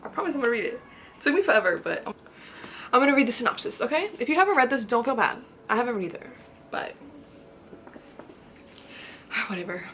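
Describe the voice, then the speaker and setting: A woman's voice: a little high, big pitch swings, fairly quick, pauses often, fairly bright tone, slight background noise. A woman talking casually in a book haul vlog, gushing and chatty, repeating herself for emphasis. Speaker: book vlogger.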